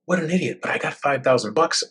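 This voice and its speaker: A man's voice: a little high, animated, fast, fairly bright tone, breathy edge, voice pushed up, heavily acted. A man voicing a flustered middle-aged mother's inner thoughts, exasperated.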